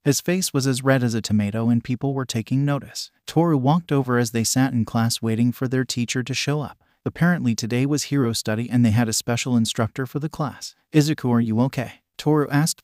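A man narrating a fan fiction story in a steady, even reading voice. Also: medium pitch, brisk, hardly any pauses, dry recording, clean studio sound. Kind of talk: fanfic audiobook reading.

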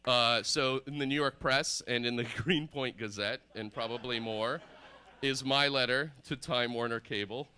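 A man in his thirties, from the former Soviet Union, doing deadpan, rambling stand-up comedy on stage at a live show. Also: mid-range voice, moderate pace. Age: 30s. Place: live performance space on stage.

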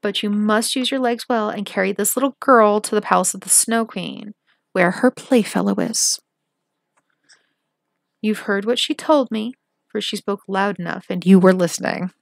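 A woman's voice: mid-range voice, normal speed, gravelly, no room sound, studio quality, natural voice. A woman voicing a fierce, bossy little robber girl in a storybook reading, speaking bluntly and commandingly.

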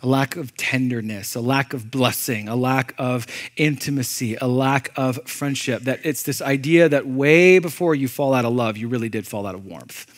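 A male pastor preaching a sermon in a conversational, animated way, swinging from loud emphasis to low, intense delivery and asking the congregation questions. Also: moderate pace, few pauses.

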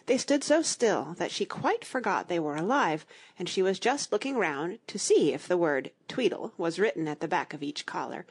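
A woman reading a children's audiobook aloud in an expressive, storytelling manner. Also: lowish voice, breathy edge. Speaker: audiobook narrator.

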